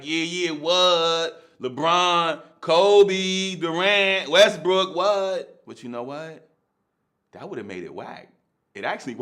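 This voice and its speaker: A man's voice: medium pitch, fairly bright tone. A man, telling a story in casual, slangy street talk and laughing often.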